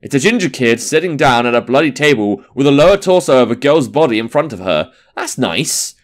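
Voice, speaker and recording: Young male let's-player, sarcastic and sweary, animated delivery. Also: medium pitch, fairly quick. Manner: sarcastic, swearing, talks to the game. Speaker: gaming commentator. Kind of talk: casual let's-play commentary.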